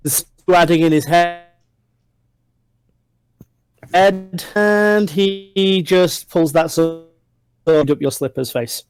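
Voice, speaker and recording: A man's voice: high-pitched, drawn-out words, long pauses, low-quality recording. A man running a tabletop role-playing game as game master over a voice call. He describes the scene loosely, with lots of fillers.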